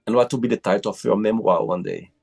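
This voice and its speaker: A man from Brazil hosting a casual interview over a video call, effusive and quick to exclaim. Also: fairly low pitch, creaky, a little mellow, husky, faint music behind. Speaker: host.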